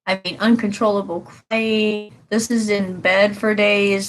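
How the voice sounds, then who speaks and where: A woman's voice: medium pitch, fairly even intonation, slow pace, few pauses, slight background noise, poor audio. A woman giving a casual tarot reading to her viewers, earnest and rambling, repeating her advice with emphasis. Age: adult with children. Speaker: tarot reader.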